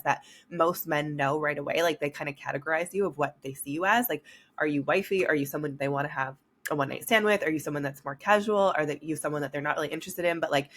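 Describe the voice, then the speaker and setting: A young woman hosting a solo podcast, talking frankly and with energy, swearing casually and addressing her listeners directly. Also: low-pitched. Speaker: podcast host. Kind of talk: candid solo podcast talk.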